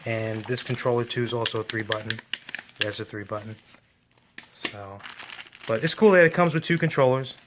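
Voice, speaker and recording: Man, enthusiastic, gushing unboxing commentary, mid-pitched voice, faint hiss behind. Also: moderate pace, long pauses. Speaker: gaming channel host.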